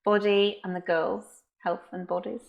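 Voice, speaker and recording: A woman's voice: mid-range voice, little pitch movement, measured pace, gravelly, muffled recording. A woman hosting a podcast, moving from a scripted welcome into casual, encouraging chat with her guest. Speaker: podcast host.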